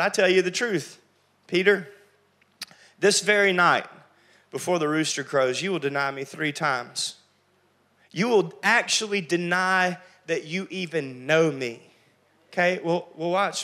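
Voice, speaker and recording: A male pastor preaching a sermon, acting out the quotes he tells with big jumps in voice and loudness. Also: on the high side, a little slow.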